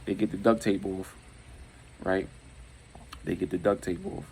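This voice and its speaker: A man's voice: deep voice, fairly even intonation, measured pace, vocal fry, mellow, a little hiss or hum, poor audio. A man telling a gritty street story casually, full of slang, slipping in and out of quoted dialogue.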